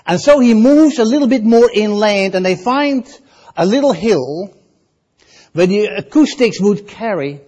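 A man preaching with a Dutch accent, his voice pitched high for a man and rising and falling a great deal. He delivers the sermon at an unhurried pace, moving from loud, stressed phrases to hushed asides. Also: lively intonation, highs cut off. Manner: dramatic swings between loud emphasis and soft asides.

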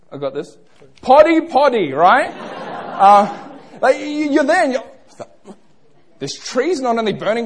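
Young male preacher, husky voice with a very lively pitch, playful and chatty with his congregation. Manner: playful, interactive, asks the crowd questions. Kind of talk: sermon.

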